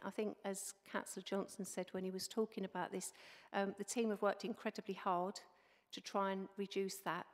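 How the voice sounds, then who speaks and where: A woman council officer giving measured, reassuring explanations at a committee meeting. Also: medium pitch, in a large hall. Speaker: council children's services officer.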